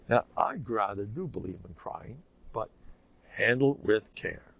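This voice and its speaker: An older man, a rabbi, giving an informal, animated Torah lecture with a conversational, joking delivery. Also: measured pace, creaky, a little hiss or hum. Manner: animated and conversational, swinging pitch, jokes with listeners. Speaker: rabbi teaching a class.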